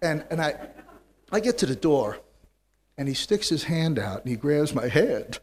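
Guy telling his story to a crowd, wry, goes loud then hushed. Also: fairly high pitch, sing-song, normal speed. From United States. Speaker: speaker sharing his recovery story. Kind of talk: storytelling talk to a live audience.

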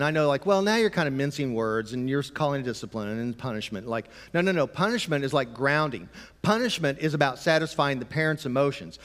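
A man preaching a conversational sermon, sometimes emphatic and sometimes dropping to a quiet, low voice. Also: long reverb tail. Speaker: pastor.

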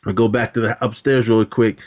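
A man's voice: on the low side, little pitch movement, fast, darkish tone. A man co-hosting a podcast, retelling a movie plot in a rambling, casual way with many restarts. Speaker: podcast co-host. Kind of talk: casual chat.

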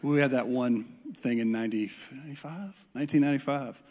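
A man's voice: medium pitch, moderate pace, a little mellow. A middle-aged man from the US South with a Southern accent, telling a self-deprecating personal story in a sermon. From Metro Atlanta, US South. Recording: long reverb of a large hall.

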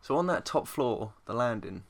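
An English man co-hosting a podcast, chatting casually about a film, sweary, animated and laughing often. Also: medium pitch, moderate pace, gravelly. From England. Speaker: podcast co-host.

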